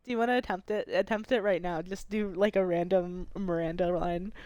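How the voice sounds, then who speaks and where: A woman's voice: lowish voice, steady tone, fairly quick, a little mellow, dry recording, muffled recording, faint music behind. Chatty woman streamer, dry sound. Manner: chatty, explains rules eagerly. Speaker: streamer running the game. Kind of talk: casual gaming chat.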